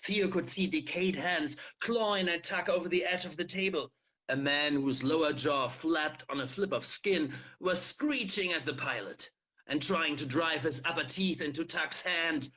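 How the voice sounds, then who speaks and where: Brief: male reader, fairly high voice, lively storybook reading. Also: normal speed. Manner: expressive read-aloud with shouted dialogue. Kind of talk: reading a novel aloud.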